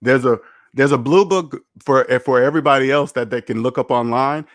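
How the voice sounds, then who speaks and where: A man's voice: medium pitch, brisk, no echo, studio quality. A man hosting a finance livestream, rambling and candid as he reads the chat aloud and chats casually.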